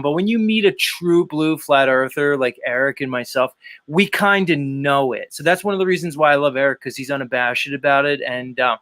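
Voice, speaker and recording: A man's voice: on the high side, a bit bright, dry recording. A man hosting a live panel stream, talking loosely and casually, swearing freely and wandering into long asides.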